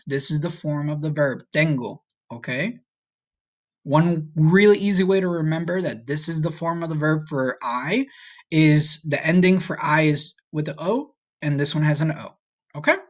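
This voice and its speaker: A man teaching a recorded language lesson, patient and slow, often checking in with "okay?". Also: on the high side, fairly bright tone. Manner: speaks slowly for learners to repeat. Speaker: Spanish teacher.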